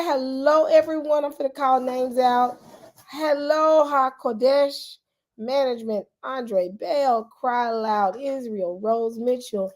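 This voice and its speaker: A woman's voice: on the high side, measured pace. Chatty woman in her forties. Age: 40s. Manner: chatty and animated, calls out to viewers, frequent "y'all". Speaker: YouTube channel host. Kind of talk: casual livestream chat.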